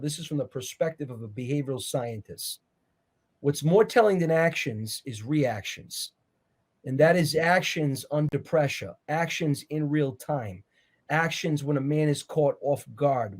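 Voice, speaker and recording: A man sits for an interview and walks through his points in an earnest, preacherly tone. His voice sits a touch higher than most men's. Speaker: interview guest, author. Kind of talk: conversational interview.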